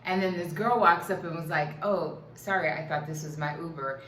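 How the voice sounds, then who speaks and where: A woman's voice: sits low, moderate pace, a bit bright, reverberant, slight background noise, low-quality recording. A woman chatting casually as co-host, telling anecdotes and slipping in Spanish phrases. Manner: storytelling, drops into Spanish phrases. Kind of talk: casual chat. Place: living in the Dominican Republic.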